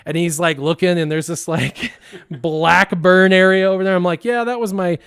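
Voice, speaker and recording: A man casually telling a funny story, lively and laughing as he acts out the voices of the people in it. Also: a little high, normal speed, gravelly, smooth, no room sound, studio quality. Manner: animated, laughing, acts out quotes. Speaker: guest storyteller.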